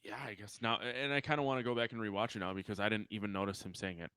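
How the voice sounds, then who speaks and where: A man's voice: fairly low pitch, fairly even intonation, very fast, sharp tone, smooth, dry recording. A man co-hosting a podcast, chatting casually and laid-back about a film he enjoyed. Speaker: podcast co-host. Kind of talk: casual film review chat.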